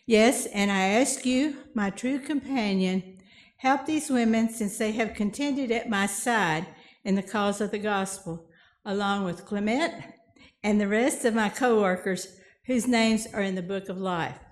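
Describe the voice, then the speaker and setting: A woman reading a Bible passage aloud in a church service, measured and deliberate. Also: mid-range voice. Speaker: scripture reader. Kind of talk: scripture reading.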